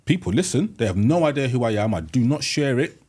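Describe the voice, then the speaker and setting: Man, middle-aged, mid pitch, mellow warm tone, hesitant restarts. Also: sing-song, fairly quick, husky. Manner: hesitant, repeats words when starting a point. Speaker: podcast co-host. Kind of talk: casual group chat.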